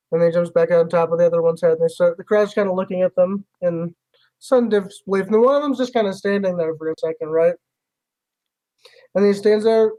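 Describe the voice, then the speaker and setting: A man's voice: high-pitched, mellow, low-quality recording. A man narrating a tabletop game as game master in a loose, rambling way, full of fillers.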